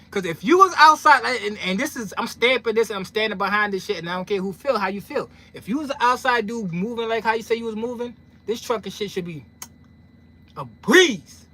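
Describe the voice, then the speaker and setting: A New York man with a high, sharp-toned voice speaks straight to his viewers as a trucking content creator. His casual monologue is emphatic and packed with street slang, and he repeats lines for punch.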